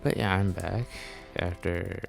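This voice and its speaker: A man's voice: sits low, fairly even intonation, takes it slowly, gravelly, music in the background. A man giving a rambling, self-correcting voice-over commentary on his gameplay, speaking offhand as a gaming channel host. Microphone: desktop mic.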